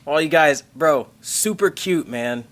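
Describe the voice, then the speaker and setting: A man hosting a tech livestream in casual chat, excitable and rambling, swearing casually and thanking members. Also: a little high, measured pace. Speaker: tech channel host reading member messages on a livestream.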